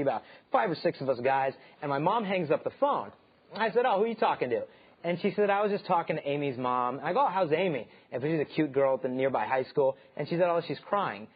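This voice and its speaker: A man in his thirties, hosting an inspirational talk show, telling lively stories and acting out the voices in them. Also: on the high side, husky. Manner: animated storyteller acting out quoted voices. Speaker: host and speaker. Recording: dull lo-fi sound.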